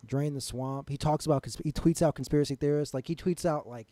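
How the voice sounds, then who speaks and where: A man co-hosting a casual podcast, animated and quick to jump in with rebuttals. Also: a little high. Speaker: podcast co-host.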